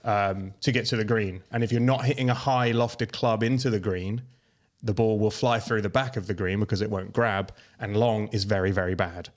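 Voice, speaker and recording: A man hosting a golf podcast, calmly explaining a course and teasing his co-host. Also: lowish voice, moderate pace. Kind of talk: casual chat.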